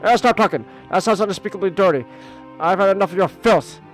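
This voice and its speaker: A man's voice: high-pitched, brisk, soft background music, close to an everyday voice. A man voicing a stern, pompous middle-aged father who scolds haughtily. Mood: scolding.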